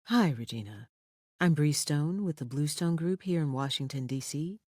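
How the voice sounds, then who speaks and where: Narrator as poised investigator woman, polite, businesslike, lively pitch. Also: normal speed, dry recording, studio quality, lightly acted.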